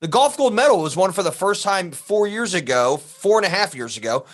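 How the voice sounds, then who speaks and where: A man co-hosting a casual podcast chat, rambling and animated, who keeps dropping into mock voices. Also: sits high, a little fast, faint music behind. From US East Coast. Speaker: podcast co-host.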